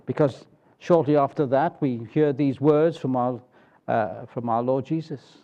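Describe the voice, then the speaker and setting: A man preaching a sermon in a deliberate, emphatic way, often closing points with rhetorical tag questions. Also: mid-range voice, lo-fi sound.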